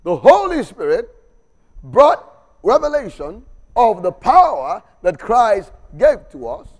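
Lively high-voiced preacher in a reverberant hall. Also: male voice, slow pace. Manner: exhorting, with call-and-response and repeated refrains; humorous asides. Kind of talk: sermon. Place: church. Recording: long reverb of a church hall.

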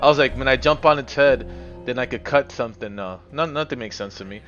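A man's voice: mid-range voice, fairly quick, fairly bright tone, dull audio, soft background music. A man live-streaming a game, commenting casually, frustrated and swearing as he mutters to himself.

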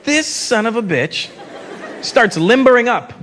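On a comedy stage in front of a live audience, a man with a high, animated voice delivers a fairly quick stand-up set. He's brash and profane, teasing the crowd, and the live stage mic also picks up the audience noise.

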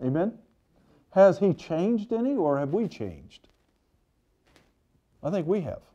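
A pastor preaches in a fervent yet conversational manner, circling back to press his points home. His voice sits high for a man. He talks directly to his flock, earnest and emphatic. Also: sing-song, slow pace, warm tone, dull audio. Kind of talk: sermon.

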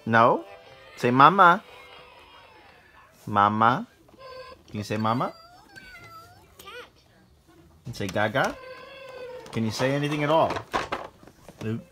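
A man's voice: medium pitch, expressive, slow, pauses often, sharp tone, faint music behind. Playful dad teasing his baby. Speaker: father filming his baby son. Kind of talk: casual home video.

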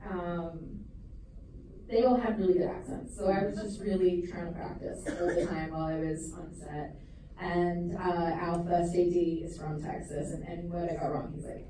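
A woman's voice: on the low side, noisy background. A young woman with an Australian accent, talking in a chatty, self-deprecating way with lots of fillers as a guest at a Q&A. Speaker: guest actress. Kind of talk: casual Q&A talk. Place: theater stage. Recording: echoey theater from far off with audience.

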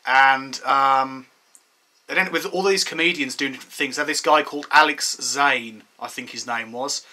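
A man's voice: mid-range voice, normal speed, pushed and bright. A man telling a rambling story in a casual discussion, laughing as he goes. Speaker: discussion participant.

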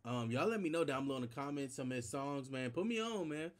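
A young man talks over a reaction video in a loose, chatty way. He has an everyday voice at an ordinary pitch. He sprinkles his commentary with easy slang. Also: lively intonation, quick pace. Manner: loose and chatty, tosses in 'man' and 'bruh'. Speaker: YouTube reaction host.

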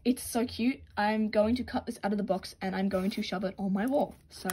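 A teenage girl from Australia unboxing a mask, gushing and breathless, shaky with excitement and swearing often. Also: medium pitch, a little fast, hardly any pauses, very noisy. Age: teens.

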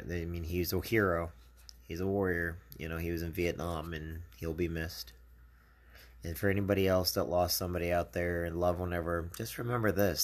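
Gravelly, deep-voiced man giving earnest encouragement. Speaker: channel host. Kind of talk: casual live video message.

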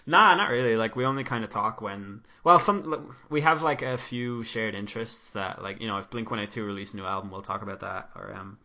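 Bright-voiced man hosting a podcast. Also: fairly low pitch, fairly quick, few pauses. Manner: rambling, full of fillers and swearing. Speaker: podcast host. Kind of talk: casual chat.

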